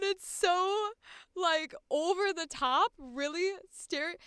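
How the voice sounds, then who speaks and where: A woman's voice: very high voice, takes it slowly, fairly bright tone, dry recording, studio quality. A young woman, a voice actor, chatting casually and bubbly on a livestream, rambling and laughing often. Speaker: voice actor streamer.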